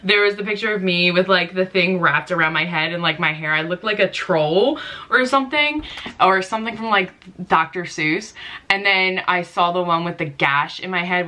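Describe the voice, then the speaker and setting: Bright-voiced chatty woman vlogger. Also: fairly low pitch. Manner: chatty, frequent "like", laughs easily. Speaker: beauty vlogger. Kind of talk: casual storytime.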